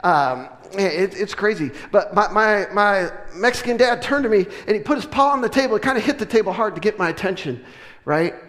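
High-voiced preacher man in a big hall. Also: a little fast. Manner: animated, joking, with laughs and sudden loud preaching. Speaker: pastor. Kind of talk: sermon with storytelling. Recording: long reverb of a large hall.

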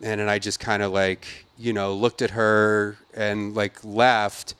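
A man's voice: on the low side, measured pace, smooth, no room sound. A man hosting a podcast, telling an angry story in a casual, profane way and acting out the people he quotes. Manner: profane, animated storyteller who acts out quotes. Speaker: podcast host.

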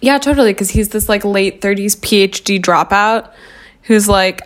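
A woman's voice: mid-range voice, moderate pace. A young adult woman co-hosting a film podcast, talking casually and playfully with lots of fillers. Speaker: podcast co-host. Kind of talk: casual film-review chat.

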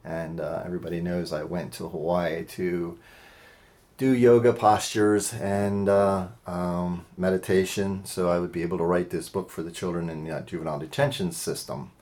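Deep-voiced earnest male guest. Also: little pitch movement, darkish tone. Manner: earnest, halting, with fillers and small laughs. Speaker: interview guest. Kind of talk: personal storytelling in conversation.

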